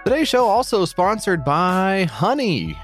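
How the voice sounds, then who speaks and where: A man's voice: high voice, big pitch swings, unhurried, soft background music. A man co-hosting a comedy podcast who reads a sponsor ad casually and keeps riffing and joking off-script. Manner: jokey, riffing, drifts off-script. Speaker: podcast co-host reading ads.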